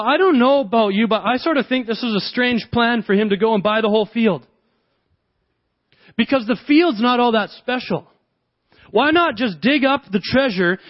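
Guy preaching a sermon, kinda high voice, earnest storytelling, dull lo-fi sound. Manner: earnest storytelling with repeated phrases. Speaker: pastor.

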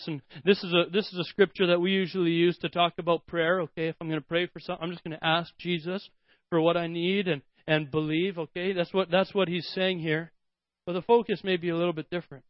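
A young adult man preaching a sermon in a lively, conversational way, acting out scenes with little character voices. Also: fairly high pitch, fairly quick, no room sound, dull audio. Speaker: pastor.

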